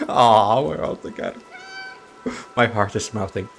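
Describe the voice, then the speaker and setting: Let's play host, man, low and unhurried, soft cooing commentary with giggles, clear game music underneath. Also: low-quality recording. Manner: soft, cooing, giggly, talks to on-screen cats. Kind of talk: playful gameplay commentary.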